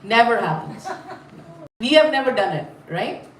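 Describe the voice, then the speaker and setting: High-voiced lady storytelling for kids, keeps asking them questions, echoey room, kinda far off. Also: normal speed. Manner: animated, asks the audience questions. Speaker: storyteller teaching children. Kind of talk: live storytelling class.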